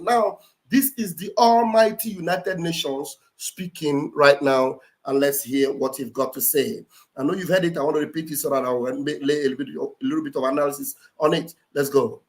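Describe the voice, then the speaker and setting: A man hosts a commentary livestream, preaching in an emphatic and repetitive way. His voice sits high for a man, and he speaks into a computer mic. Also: normal speed. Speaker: livestream host and political commentator. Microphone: computer mic on a live stream.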